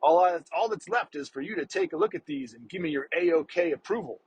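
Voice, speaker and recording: A man's voice: high voice, very animated, quick pace, breathy edge, voice pushed up, heavily acted. A man voicing a young male print clerk who tries to sound cool, with a goofy, funky tone. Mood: breezy.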